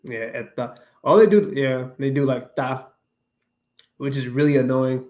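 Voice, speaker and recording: A man's voice: mid-range voice, a little slow, darkish tone. Rambling man chatting on a livestream. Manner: rambling, many restarts and fillers, mixing English and Spanish. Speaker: livestream host. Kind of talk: casual chat with viewers.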